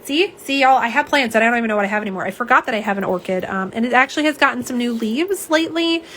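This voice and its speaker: A woman's voice: on the high side, lively intonation, very fast, fairly bright tone, a little hiss or hum. A young woman, chatting casually on a live stream as she swatches nail polish and reads viewer comments aloud, with rambling asides and fillers. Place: home office.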